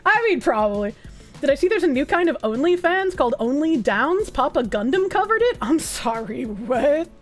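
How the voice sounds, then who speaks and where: Over soft background music, a woman streamer chats with her viewers at normal speed, teasing and crude and frequently laughing. Her high voice moves with lively shifts in pitch.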